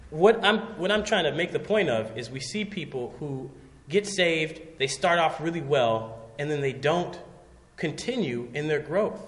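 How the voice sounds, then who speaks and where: Male preacher, sermon delivery, lively storytelling, fairly high voice, swinging pitch, long hall reverb.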